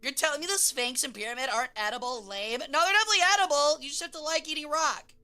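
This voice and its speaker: A young woman streamer chatting casually, swearing, laughing and breaking into loud silly voices. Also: high voice, fast.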